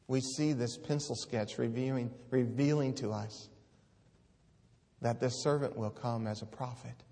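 A man's voice: medium pitch, fairly even intonation, a little slow, dark tone, in a large hall. A man preaching a sermon, earnest and pleading, reading scripture aloud with rising force.

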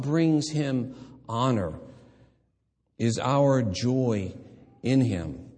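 An older man preaching a sermon, moving from hushed, tender reflection to emphatic, impassioned exhortation. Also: mid-range voice, lively intonation, drawn-out words, long pauses, slightly rough, big-room sound. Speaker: pastor.

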